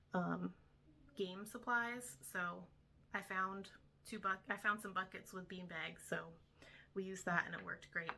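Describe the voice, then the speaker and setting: A woman's voice: mid-range voice, bright, forceful tone. A young woman, a homeschool tutor, casually explaining her week's lessons step by step with frequent ums. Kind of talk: casual instructional talk to camera.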